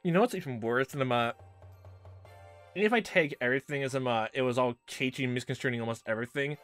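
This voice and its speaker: A man's voice: medium pitch, a little fast, fairly bright tone, soft background music. A man giving casual let's play reaction commentary, exasperated and swearing, laughing often and trailing off into fillers.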